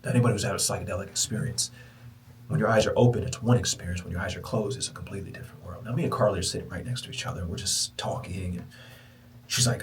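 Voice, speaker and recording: A man hosting a podcast, telling a personal spiritual story in a lively, preacher-like way. He moves between loud exclamations and hushed, whispered passages. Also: on the low side, quick pace, distant mic, slight background noise, low-quality recording. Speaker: podcast host. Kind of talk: motivational storytelling.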